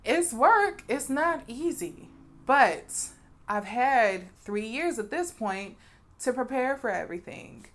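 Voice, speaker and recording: A woman's voice: a little high, lively intonation, slow, a bit bright. A young adult woman vlogging to her viewers, speaking frankly and bluntly and calling them y'all, with a cough now and then. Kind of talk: direct-to-camera vlog, candid opinion talk.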